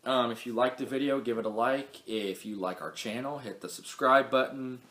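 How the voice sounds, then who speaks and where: A man's voice: medium pitch, moderate pace, a bit bright, echoey room. A young man hosting a casual wrestling recap vlog, chatty and rambling, stumbling over words and correcting himself. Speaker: wrestling show recap host.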